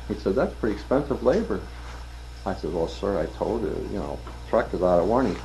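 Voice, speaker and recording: An older man, interviewed, casually tells work anecdotes at a fast pace in a medium-pitched, slightly mellow voice, acting out the people he quotes and laughing at his own punchlines. The audio is dull, with a little hiss or hum.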